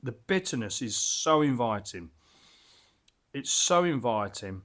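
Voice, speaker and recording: A man's voice: mid-range voice, very animated, unhurried, a bit bright. A man casually reviewing a beer as he tastes it, enthusiastic and rambling, with lots of fillers and restarts.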